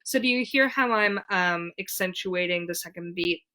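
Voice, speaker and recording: A woman giving a casual ukulele lesson, talking in a relaxed way with many fillers and counting beats aloud. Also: on the low side, moderate pace, over loud music. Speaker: ukulele teacher. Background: ukulele strumming.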